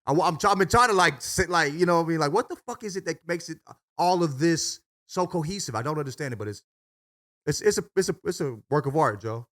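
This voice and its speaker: A man's voice: a little high, expressive, quick pace, fairly bright tone. A man co-hosting a podcast, talking animatedly and casually with lots of swearing and filler. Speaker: podcast co-host. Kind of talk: casual chat.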